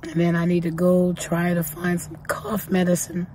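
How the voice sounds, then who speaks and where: Low-voiced woman vlogging, hoarse with a cold. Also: completely flat delivery, normal speed, dark tone, a little hiss or hum. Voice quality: weak, partly whispering voice. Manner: chatty, thankful, self-correcting. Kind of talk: casual vlog talk. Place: parked car.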